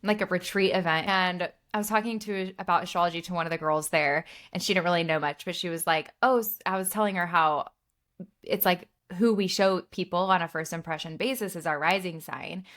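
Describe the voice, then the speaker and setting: A young adult woman co-hosting a podcast in casual chat, talking in a relaxed way with many fillers and laughing at her own stories. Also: lowish voice, fairly quick. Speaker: podcast co-host.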